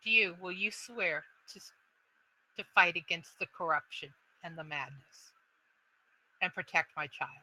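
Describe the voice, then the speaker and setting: A woman's voice: lowish voice, a little slow, pushed and bright, pitched below the performer's own voice, heavily acted, rough recording. A woman voicing a stern, protective female mother dragon who speaks in a grave, formal, demanding way. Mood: solemn.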